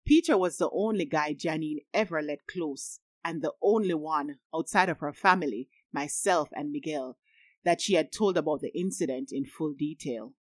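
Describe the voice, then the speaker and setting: Audiobook narrator: a woman with a low voice, steady first-person read, dry close sound. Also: normal speed, no room sound.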